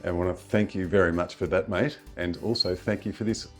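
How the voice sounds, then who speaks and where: A man's voice: sits low, steady tone, fast talker, faint music behind. A man from Australia hosting a podcast, asking questions in a friendly way and laughing easily. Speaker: podcast host.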